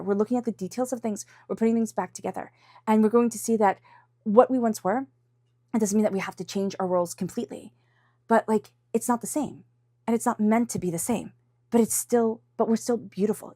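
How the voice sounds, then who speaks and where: A woman's voice: mid-range voice, mellow, no echo, clean studio sound. A woman giving an intuitive tarot reading in a casual, encouraging way, with lots of fillers and restarts, acting out inner voices in quotes. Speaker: tarot reader.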